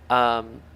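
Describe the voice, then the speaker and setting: A game master on a video call who laughs often and tends to stumble and repeat words while running an online tabletop game. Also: bright, forceful tone. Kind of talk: casual online tabletop role-play.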